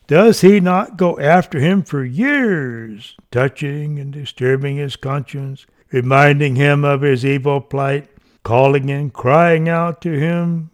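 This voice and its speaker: A man reading an old sermon aloud in an earnest, fervent way, his voice rising on each plea. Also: on the high side. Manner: slow, earnest, fervent delivery with rising pleas. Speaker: reader.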